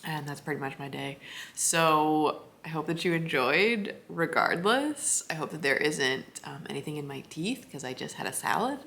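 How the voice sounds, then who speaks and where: Young woman vlogger, bright lower voice, casual and rambling. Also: animated, normal speed, creaky. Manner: chatty, rambling, frequent "like" and laughs. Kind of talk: casual talk to camera.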